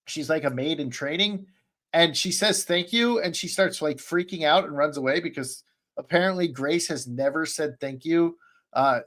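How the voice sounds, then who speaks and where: A man on a streamed podcast call, recapping an anime in a rambling, excitable way, full of fillers and restarts. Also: a little high. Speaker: podcast panelist. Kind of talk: casual chat, recapping an anime.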